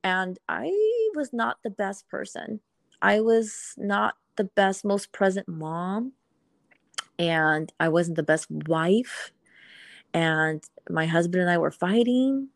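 A woman's voice: on the low side, slow pace, gravelly, no echo, clean studio sound. A woman and mother in casual podcast chat, talking candidly and emphatically and swearing freely.

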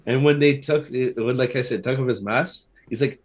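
A man's voice: medium pitch, normal speed. A man in a casual chat, rambling enthusiastically and often restarting his sentences. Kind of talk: casual chat about a movie.

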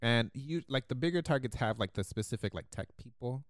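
A man co-hosting a podcast, telling a story in a casual, animated way, laughing often and acting out the people he quotes. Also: mid-range voice, a little fast, no room sound, studio quality. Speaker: podcast co-host.

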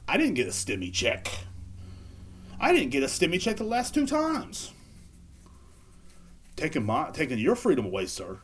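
Rambling crude man, lively pitch. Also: normal speed, long pauses, breathy edge. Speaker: podcast host. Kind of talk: casual solo podcast monologue. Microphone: handheld recorder.

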